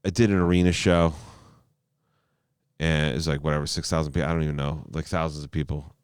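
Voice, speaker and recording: Male stand-up comic guest, very low voice, smooth and clean, dry close mic, rambling animated anecdotes with swearing. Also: quick pace, no room sound. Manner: animated storyteller, stammering restarts, frequent swearing. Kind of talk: casual podcast storytelling.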